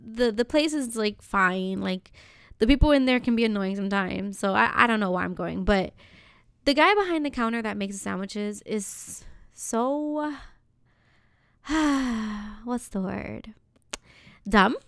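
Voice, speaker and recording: A woman's voice: medium pitch, a little slow, vocal fry, smooth, dry recording, studio quality. A woman casually telling an exasperated story on a podcast, with lots of "like". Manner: exasperated, animated retelling with lots of "like".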